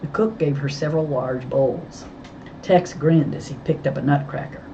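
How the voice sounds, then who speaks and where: A woman narrating a storybook as an audiobook reader, with an expressive, clear reading. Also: low voice, moderate pace, highs cut off, slight background noise.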